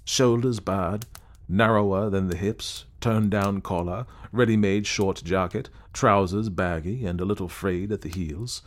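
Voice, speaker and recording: A man voicing an earnest, reflective gentleman who sincerely recounts meeting a ghost, in an audiobook reading. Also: low voice, fairly even intonation, measured pace. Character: earnest gentleman telling his ghost encounter. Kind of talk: audiobook character voice.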